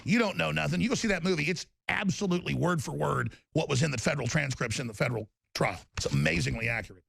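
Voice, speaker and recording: A gravelly, fry-heavy man rants through a talk-radio monologue, his voice sitting a little high for a man. The sound is dry and close, with no room around it. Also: quick pace, a bit bright, no room sound. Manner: ranting, mocks opponents in put-on voices.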